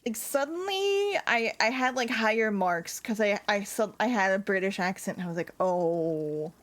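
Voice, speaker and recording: A woman's voice: fairly high pitch, moderate pace, fairly bright tone. A woman from Europe chatting casually on a gaming stream, telling rambling stories with lots of fillers and giggles. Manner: rambling, filler-heavy storytelling with frequent giggles.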